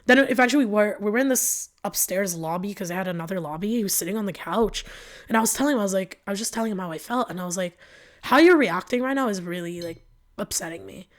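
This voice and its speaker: A woman's voice: mid-range voice, racing. A woman guest on a podcast telling a personal story in a casual, filler-heavy way, acting out the back-and-forth of arguments. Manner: emotional retelling that acts out both sides of arguments.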